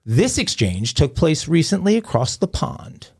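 A middle-aged man co-hosting a crime news podcast, telling stories in a joking, lively way. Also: a little high, a little slow, creaky, husky. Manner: joking, animated storyteller, swears casually. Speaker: podcast co-host. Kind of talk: casual crime news chat, storytelling.

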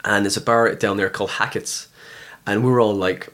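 A man's voice: on the low side, steady tone, moderate pace, a bit bright. A man, a comedian guest on a podcast, telling rambling stories with many restarts. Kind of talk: casual podcast chat.

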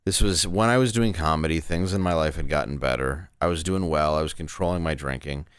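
A man's voice: extremely low pitch, a little fast, smooth, no room sound, studio quality. A man in his thirties, a stand-up comedian, telling candid, rambling stories in a casual interview.

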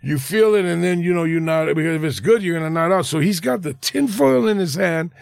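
A man's voice: fairly high pitch, animated, brisk, vocal fry, no echo. A man hosting a podcast, telling a story in a loose, profane, slangy casual chat in a studio.

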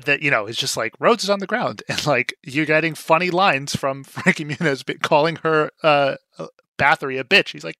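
Bright-voiced young man recapping a movie. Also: a little high, normal speed, dry recording. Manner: wry, sarcastic asides with frequent fillers. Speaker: podcast co-host. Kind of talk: casual movie recap chat.

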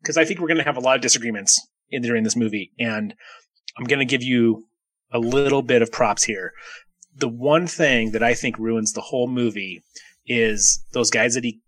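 A man's voice: mid-range voice, moderate pace, fairly bright tone, no echo, low-quality recording. A man co-hosting a podcast, teasing his partner and arguing playfully in casual chat. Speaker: podcast co-host.

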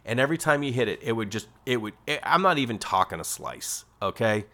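Fairly quick and medium in pitch, a podcast host from Massachusetts, middle-aged, carries a joking, laid-back monologue. His storytelling is lively, punctuated by over-the-top quoted voices.

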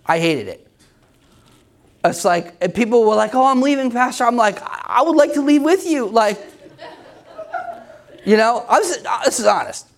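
A middle-aged male pastor preaching an emphatic, conversational sermon with self-deprecating humor. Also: high-pitched.

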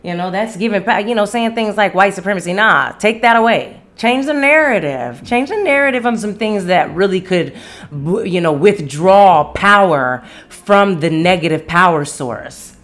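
A young woman with her own podcast telling a story in a casual rant, speaking candidly, swearing and laughing, and jumping high in pitch when she quotes people. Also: lively intonation, normal speed, fairly bright tone. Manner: candid, profane and laughing, with big pitch jumps when quoting. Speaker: podcast host and singer.

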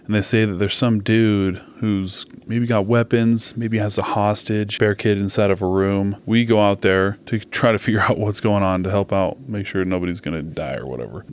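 A man, a police officer, explaining domestic violence calls and telling a story in casual podcast chat. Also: lowish voice. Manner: explanatory, conversational.

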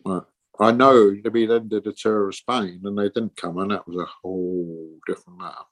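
A man's voice: fairly low pitch, fairly even intonation, moderate pace. A man in his sixties, a musician guest telling rambling stories and acting out the voices of people he quotes. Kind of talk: casual interview storytelling.

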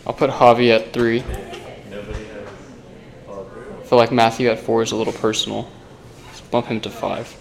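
Laid-back man, mid-pitched, joking banter. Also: little pitch movement, normal speed, gravelly, long pauses. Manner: laid-back, joking, says "bro" a lot. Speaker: podcast co-host. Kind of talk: casual chat.

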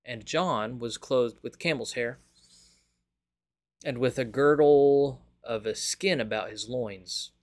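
A man hosting a daily Bible reading, praying and reading scripture aloud in a measured, reverent way. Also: medium pitch, darkish tone.

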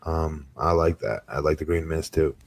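A man's voice: a bass voice, steady tone, moderate pace. A man co-hosting a casual podcast, blunt and opinionated. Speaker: podcast co-host. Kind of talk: casual chat.

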